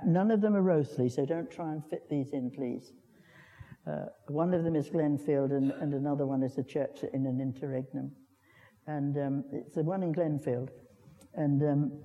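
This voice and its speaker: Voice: mid-range voice, dark tone, dull audio. Older preacher in a reverberant church. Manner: chatty, repeats words, asks the congregation questions. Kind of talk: conversational sermon.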